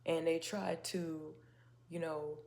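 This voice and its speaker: Deep-voiced with vocal fry, a woman speaks slowly in a level, somewhat mellow tone while hosting a faith-based talk. Her casual on-camera delivery is emphatic and chatty, with frequent restarts and rhetorical questions.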